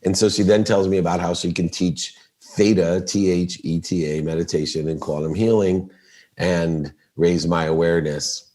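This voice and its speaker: A middle-aged man appears as a guest on a casual podcast interview, telling a story with animation and acting out the quoted lines of the people in it. His voice is low and moves at a normal speed.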